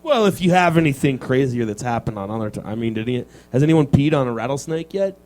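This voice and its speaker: Joking radio host man, lively pitch. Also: quick pace. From Utah, USA. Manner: joking, teasing, deadpan asides. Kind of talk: casual radio interview. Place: radio studio.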